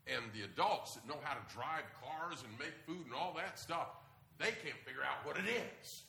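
A man giving a live talk to an audience, telling stories in an animated, emphatic way with asides. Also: fairly high pitch, moderate pace, vocal fry. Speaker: speaker on parenting. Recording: echoey room.

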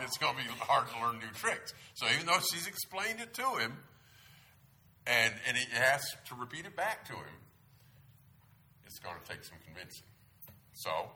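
Low-voiced, lively preacher. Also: male voice. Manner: conversational, asks the audience questions. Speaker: pastor. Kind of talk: sermon.

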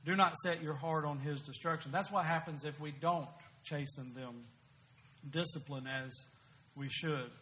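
A man's voice: a little high, normal speed, pushed and bright. A middle-aged man preaching a sermon, telling homey stories with frequent restarts. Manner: folksy storytelling preaching with restarts.

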